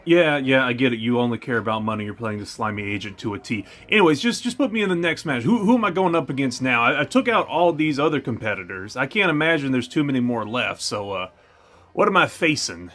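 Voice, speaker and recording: A man's voice: mid-range voice, lively intonation, a little fast, fairly bright tone. A young man hosting a let's play, joking and trash-talking over the gameplay. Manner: jokey, trash-talking, puts on silly voices.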